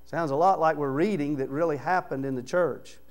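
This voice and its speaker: Man preaching a sermon, low to loud. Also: a little fast. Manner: conversational preaching, swings from low murmurs to loud raised emphasis. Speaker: pastor. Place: church sanctuary.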